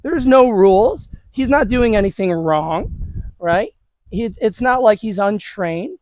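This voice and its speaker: A man with a notably high voice talks viewers through a training session, casual and encouraging as he works with a dog. He is recorded outdoors with a dry, close sound and no room echo. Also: animated, slow pace, a little mellow. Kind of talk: hands-on training demonstration.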